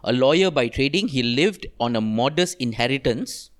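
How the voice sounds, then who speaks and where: A man's voice: medium pitch, animated, normal speed. A man with a Malaysian English accent, co-hosting a podcast and retelling a story in loose casual chat with local slang. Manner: loose, easily laughing, drops in local slang. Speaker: podcast co-host.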